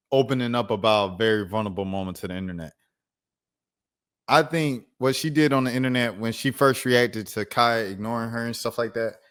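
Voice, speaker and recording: A man in a middle register chats casually as a reaction host. His talk is relaxed and somewhat rambling. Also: medium pitch.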